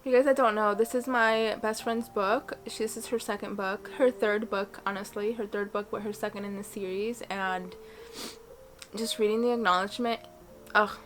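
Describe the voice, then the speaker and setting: A woman's voice: medium pitch, fairly even intonation, moderate pace. A young woman in her twenties chatting casually on a book vlog from her reading corner at home, gushing and emotional. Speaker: book vlogger.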